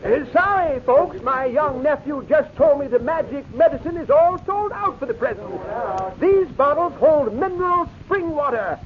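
An actor in a 1940s radio drama playing a pompous traveling medicine-show doctor who stammers when flustered. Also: male voice, extremely high pitch, animated, normal speed. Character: smooth-talking traveling medicine-show doctor, middle-aged man. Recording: muffled old radio recording.

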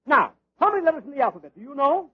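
An actor playing a pompous, long-winded professor who lectures in big words, in 1940s radio comedy style on a dull old broadcast recording. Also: male voice, extremely high pitch, big pitch swings, very fast. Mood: haughty.

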